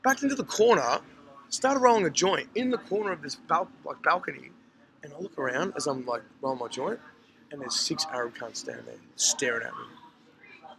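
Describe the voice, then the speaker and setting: A man's voice: a little high, normal speed, gravelly, noisy background. A man casually telling a long, sweary story to friends, acting out what everyone said. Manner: animated, sweary, acts out quotes. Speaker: podcast host telling a story. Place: hostel common area, indoors.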